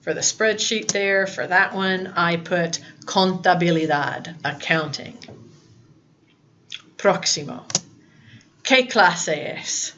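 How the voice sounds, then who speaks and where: A woman's voice: on the low side, slow pace, pauses often, fairly bright tone, lo-fi sound, slight background noise. A woman teaching a recorded lesson to her students in a patient, explaining way. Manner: patient, talks to students, mixes English and Spanish prompts. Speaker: Spanish teacher.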